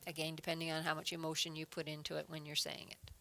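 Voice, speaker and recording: Woman, adult education teacher, patient step-by-step explaining, gravelly, low-pitched. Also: monotone, fast, fairly bright tone. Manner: patient, explains step by step, reads example sentences aloud with emphasis. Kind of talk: online grammar lesson.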